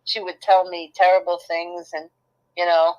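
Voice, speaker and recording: A woman's voice: on the low side, flat delivery, moderate pace, a little mellow, poor audio. An older woman with a Brooklyn accent, speaking bluntly and emotionally in a casual chat with her son, often repeating herself. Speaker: guest, host's mother.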